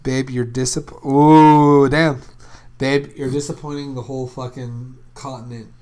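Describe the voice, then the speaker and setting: A young man co-hosting a podcast in casual chat, excitable and teasing, swearing freely and jumping between loud and quiet. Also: medium pitch, a little slow. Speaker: podcast co-host.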